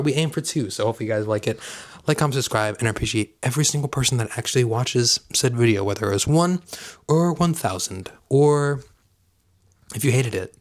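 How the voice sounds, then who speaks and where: A man hosting his own vlog, chatting casually and rambling with chuckles and self-mocking asides. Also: mid-range voice. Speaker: vlogger host. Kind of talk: casual chat to camera.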